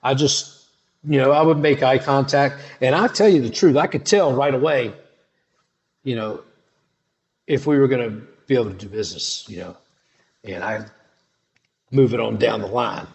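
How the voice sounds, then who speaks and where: A man's voice: mid-range voice, normal speed, creaky, long pauses, a little mellow, lo-fi sound. A middle-aged man telling a personal testimony in a casual, slangy, dramatic way. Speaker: storyteller sharing a testimony.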